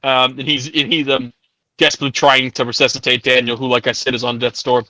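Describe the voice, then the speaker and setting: A man's voice: mid-range voice, flat delivery, fast talker, pushed and bright, no echo, poor audio. A man narrating as game master of a tabletop game in casual chat, with many filler words. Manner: casual, many ums and likes, laughs often.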